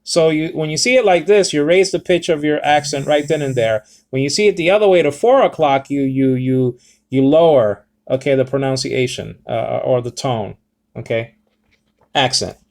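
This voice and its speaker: A man's voice: mid-range voice, normal speed, darkish tone. A man giving a casual Bible Greek lesson, rambling and correcting himself with many fillers. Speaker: Bible teacher.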